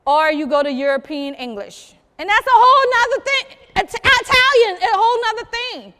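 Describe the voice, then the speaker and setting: High-voiced woman telling stories. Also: moderate pace, in a large hall. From South Carolina. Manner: lively, teasing, talks straight to the crowd. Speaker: storyteller. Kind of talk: live storytelling to an audience. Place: museum program room.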